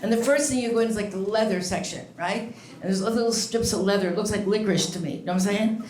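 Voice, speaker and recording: A woman's voice: mid-range voice, fast talker. A woman in her sixties doing a bawdy stand-up set, chatty and brash, teasing the audience. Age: 60s. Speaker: stand-up comedian. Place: comedy stage before a live audience. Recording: echoey room with loud crowd laughter.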